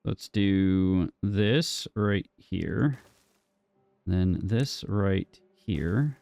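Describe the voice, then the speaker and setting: A man's voice: low voice, drawn-out words, creaky, a little mellow, no echo, soft background music. A man casually commentating his own gameplay, thinking aloud and joking with the game as he builds. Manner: thinks aloud, jokey, talks to himself and the game. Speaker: gaming streamer.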